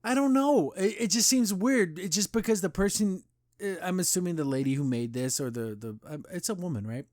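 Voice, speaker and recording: A man's voice: high-pitched, lively intonation, a little fast, a little mellow, no echo, studio quality. A young man hosting a podcast, giving a casual, opinionated review that rambles with lots of restarts and repeated words, often with a sarcastic edge. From United States, grew up in Las Vegas. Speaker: podcast host.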